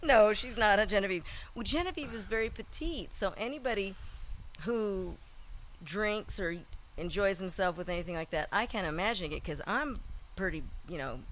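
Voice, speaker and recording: A woman's voice: mid-range voice, animated, normal speed, slight background noise. A woman co-hosting a comedy talk show, chatty and laughing often in casual banter. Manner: chatty, laughs often, drifts quiet when self-conscious. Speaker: co-host.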